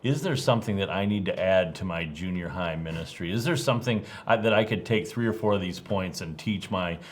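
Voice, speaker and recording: A man's voice: deep voice, fairly quick. A man co-hosting a ministry podcast, speaking earnestly and reflectively, with many fillers and restarts. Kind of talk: casual podcast discussion.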